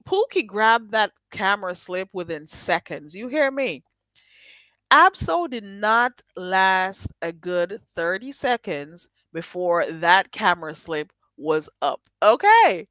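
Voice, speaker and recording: An expressive woman hosting a casual livestream, her pitch swinging up and down as she laughs and talks back to her chat. The sound is dry and close, with no room around her voice. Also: no echo. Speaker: livestream host.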